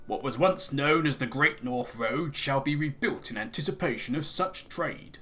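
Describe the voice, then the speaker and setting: A man voicing a smooth-talking emissary in a game, with a put-on accent and a formal, persuasive manner. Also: mid-range voice, moderate pace, bright, forceful tone, lightly acted. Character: smooth-talking male emissary of a dark wizard. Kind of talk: reading game dialogue aloud in character.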